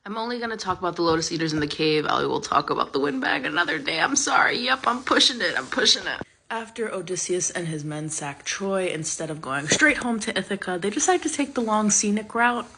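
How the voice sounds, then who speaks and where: A woman's voice: fairly low pitch, lively intonation, brisk, a bit bright, a little hiss or hum. A woman retelling an old myth in a chatty, sarcastic, casual way, with plenty of fillers. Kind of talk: casual storytelling.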